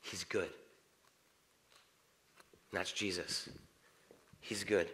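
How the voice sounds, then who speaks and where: A middle-aged man preaching a sermon in a church. His talk is conversational, and he swings between quiet prayer and animated outbursts. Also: sits low, extremely slow. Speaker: pastor. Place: church sanctuary.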